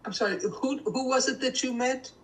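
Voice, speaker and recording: A woman interviewer asking measured, plain questions in an oral history interview. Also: sits high, recorded from a distance, poor audio.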